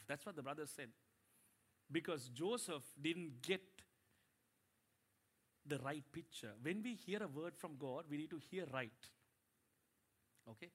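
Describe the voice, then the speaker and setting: A man pastor preaching a sermon in church, animated, with rising emphasis and call-and-response to his congregation. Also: medium pitch.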